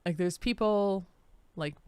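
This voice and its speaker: A woman co-hosting a casual live talk show, unhurried and giggly, with lots of fillers. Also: mid-range voice, darkish tone, smooth, no room sound. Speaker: co-host.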